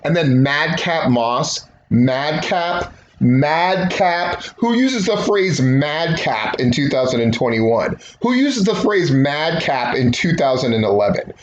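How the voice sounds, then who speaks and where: A man's voice: medium pitch, very animated, measured pace, few pauses. A man hosting a casual solo commentary show, talking in a sarcastic, rambling, jokey way. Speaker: wrestling podcast host. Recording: roomy, dull recording with faint hiss.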